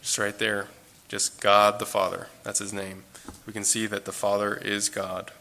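Earnest low-voiced man teaching the Bible. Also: little pitch movement, moderate pace, pushed and bright. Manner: earnest, conversational, repeats phrases for emphasis.

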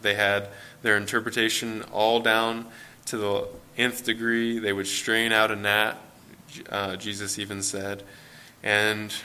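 A man's voice: fairly low pitch, sharp tone, smooth. A man preaching an earnest sermon, explaining scripture and acting out quoted voices with rising emphasis.

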